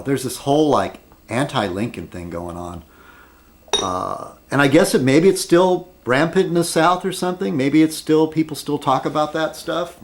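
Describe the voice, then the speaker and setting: Rambling, argumentative man vlogging. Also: medium pitch. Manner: argumentative, rhetorical questions, many fillers. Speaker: video blogger. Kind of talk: rambling opinion vlog.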